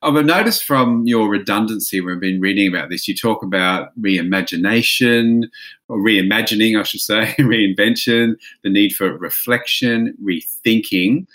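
Man, podcast co-host, bright crisp tone, playful, laughs a lot. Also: lowish voice, moderate pace. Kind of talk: casual quiz chat.

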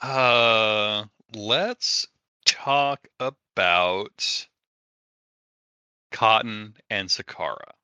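Guy co-hosting a chat, lowish voice, really sharp tone, dry wry recaps. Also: drawn-out words, clean tone, no echo, lo-fi sound. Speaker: co-host. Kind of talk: casual chat.

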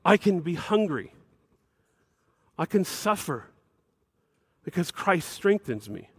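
Middle-aged pastor guy preaching, kinda high voice, punchy emphatic delivery, dry close mic. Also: dry recording. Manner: emphatic preaching, rising to bursts of higher pitch. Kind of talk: sermon.

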